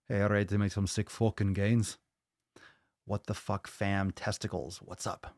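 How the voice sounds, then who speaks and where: A low-voiced American man hosts a casual live-streamed podcast, loose and profane. He repeats himself often and speaks with hype. The sound is close and dry. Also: little pitch movement, a little slow, a little mellow, no room sound. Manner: profane, hyped, repeats phrases. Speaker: podcast host.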